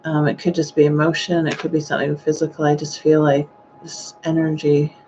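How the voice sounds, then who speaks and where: A woman giving a live-streamed psychic reading, speaking gently and hesitantly with frequent sighing exclamations. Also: deep voice, completely flat delivery, a little fast, highs cut off, a little hiss or hum. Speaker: psychic medium.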